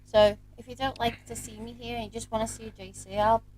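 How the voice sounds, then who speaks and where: A woman's voice: a little high, little pitch movement, brisk, a little mellow, low-quality recording. A woman from Liverpool with a Scouse accent, chatting casually beside her husband with amused asides. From Liverpool, England. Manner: laid-back, amused asides. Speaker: co-host, host's wife. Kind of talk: casual chat.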